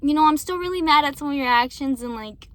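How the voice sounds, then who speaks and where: A young woman with a high voice talks straight to her viewers about an ex. She rambles, swears a lot and keeps saying sorry, slipping between quiet asides and louder outbursts. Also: fast. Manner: rambling, frequent swearing and apologies. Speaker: vlogger. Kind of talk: casual venting to viewers.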